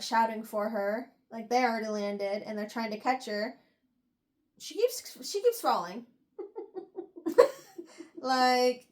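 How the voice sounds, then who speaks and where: A young woman with a slightly high voice recaps a novel's plot for her podcast. She rambles in a loose, animated way, full of fillers and quick asides. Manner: rambling, animated retelling with frequent "like" and laughs. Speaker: book review podcast host. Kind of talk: casual book recap.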